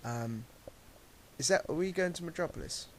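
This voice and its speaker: A man hosting a casual gaming Q&A while playing, friendly and quick to laugh. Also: on the high side, lively intonation. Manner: friendly, laughs often, asks questions. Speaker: host of a gaming Q&A series. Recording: hissy home mic recording.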